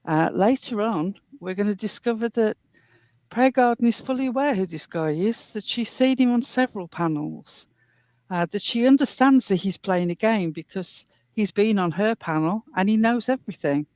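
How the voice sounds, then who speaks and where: A woman hosting a commentary show, walking through a clip in an earnest, deliberate way. Her voice sits in a middle register and sounds dry and close. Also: medium pitch, a little mellow, no room sound. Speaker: commentary host.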